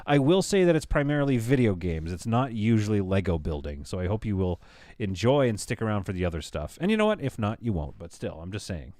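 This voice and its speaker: A man's voice: fairly low pitch, sing-song, fairly quick, darkish tone, no echo, studio quality. A man in his thirties chatting casually on a live stream, tired from staying up all night, joking and rambling to his viewers. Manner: joking, rambling, talks to chat.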